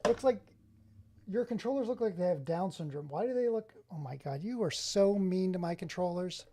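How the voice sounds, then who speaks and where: Male streamer, casual and excitable, with a soft, mellow tone, chatting with viewers. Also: sits high, normal speed. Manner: excitable, exclaims often, chats with viewers by name. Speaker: streamer showing his game collection. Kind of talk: casual live-stream chat. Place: home office.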